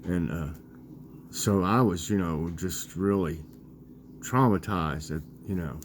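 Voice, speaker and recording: A vlogger in his sixties chats casually, rambling and halting with plenty of fillers as he recounts a childhood story and talks about dinner. His voice sits low, with slight background noise.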